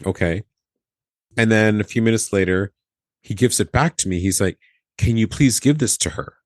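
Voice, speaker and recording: A man's voice: on the low side, normal speed, no room sound. A man, a former flight attendant, casually telling a story on a podcast, acting out the dialogue and laughing often. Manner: animated, acts out quoted dialogue, laughs often.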